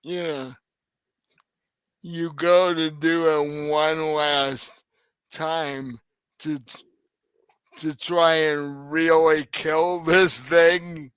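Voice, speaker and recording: A game master narrates a tabletop horror session at a very slow, unhurried pace. He is a man who laughs often, and his voice is smooth and clear. The sound is close and dry. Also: fairly high pitch, level tone, a bit bright, no echo.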